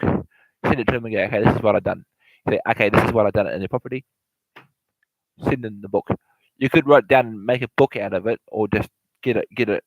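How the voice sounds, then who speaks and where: A man with a mid-range voice gives loose, repetitive advice on investing in property, often correcting himself and talking right to the listener like an informal lecture. The recording is rough, with no echo.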